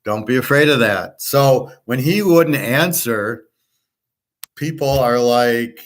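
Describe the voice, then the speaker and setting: A man's voice: medium pitch, slow pace. A man who handicaps sports bets, talking in a blunt, profane, rambling monologue.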